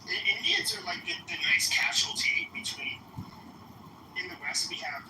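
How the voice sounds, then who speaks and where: Soft-spoken man rambling on a livestream. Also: sits high, sing-song, normal speed. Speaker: livestream host. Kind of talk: casual livestream chat. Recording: echoey, distant, noisy stream audio.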